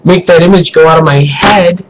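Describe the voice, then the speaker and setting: A man telling an embarrassing personal story to camera in an animated, profane way, swinging between loud and hushed. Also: on the high side, moderate pace, a little hiss or hum, low-quality recording. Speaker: vlogger.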